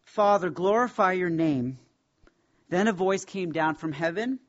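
A man's voice: sits high, highs cut off. Emphatic man teaching a Bible class. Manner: emphatic, reverent, with slow deliberate stresses.

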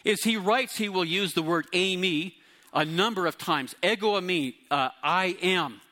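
A middle-aged man preaching a sermon to his congregation, teaching and explaining Greek words with lively emphasis. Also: high voice, measured pace. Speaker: pastor.

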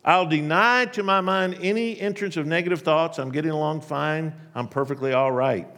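A preacher doing an indignant, self-pitying oyster, pitched up, in an echoing hall. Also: male voice, level tone, quick pace, creaky. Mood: forced cheer. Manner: complaining, then forced cheer.

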